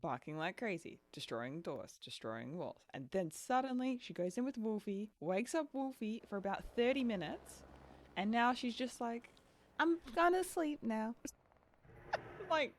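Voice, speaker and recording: A woman's voice: mid-range voice, animated, moderate pace. A young woman streaming a game and chatting casually, laughing often and dropping lots of "like" and "dude". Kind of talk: casual chat while gaming.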